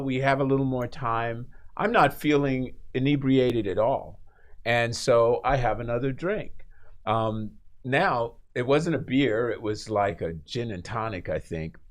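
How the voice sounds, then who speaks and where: A man on a radio talk show telling a story in a casual, animated way, laughing often and acting out the people in it. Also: mid-range voice. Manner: animated, laughs through his story, acts out voices. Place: radio studio.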